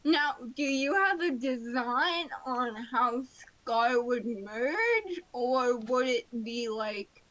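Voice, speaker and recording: Slow-talking woman streamer, high voice. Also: expressive, fairly bright tone, dry recording, rough recording. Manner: playful, whiny mock-crying. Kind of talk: casual stream chat while gaming and drawing.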